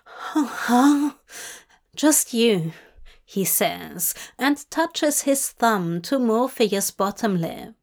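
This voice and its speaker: A woman's voice: a little high, lively intonation, extremely slow, heavily acted. A woman voicing an eager man in love in an audiobook fanfic reading, speaking earnestly and a little breathlessly.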